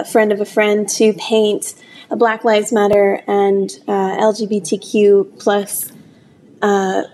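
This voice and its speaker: A woman who owns a small salon tells a personal story in a candid, conversational way with halting restarts. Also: mid-range voice, darkish tone. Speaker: small business owner, salon owner. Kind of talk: storytelling talk.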